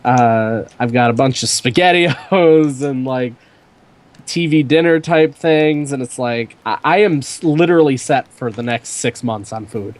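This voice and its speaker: A man's voice: medium pitch, measured pace. A young man hosting a podcast, telling a rambling story in casual chat with lots of fillers. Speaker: podcast host.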